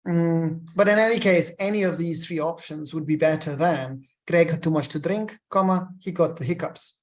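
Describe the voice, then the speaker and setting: A lecturer walks through legal writing rules, reading example sentences aloud and naming every comma and quotation mark. The delivery is methodical, with friendly asides to the students in a mid-pitched voice. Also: normal speed. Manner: explains step by step, reads examples aloud with punctuation.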